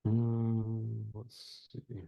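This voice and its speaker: Man, exam-prep instructor, deep voice, hesitant delivery full of "um" and restarts, heard over a video call. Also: completely flat delivery, very slow, gravelly, highs cut off. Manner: hesitant, many fillers and word searches. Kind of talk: online teaching session.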